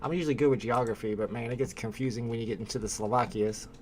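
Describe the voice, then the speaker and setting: A man's voice: medium pitch, fast. Chatty man hosting a livestream. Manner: relaxed, chatty, talking to chat. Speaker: livestream host. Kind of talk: casual chat.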